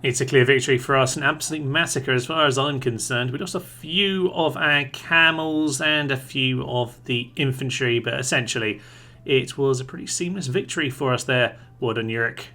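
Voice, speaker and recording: A man's voice: mid-range voice, moderate pace, bright, forceful tone. A man giving chatty let's-play commentary on a strategy game, playfully addressing his troops aloud. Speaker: gaming commentator.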